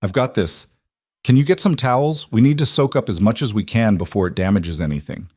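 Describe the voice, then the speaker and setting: Calm, practical single father, voiced by a male narrator; low, reassuring, dry close recording. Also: fairly quick, husky, dry recording.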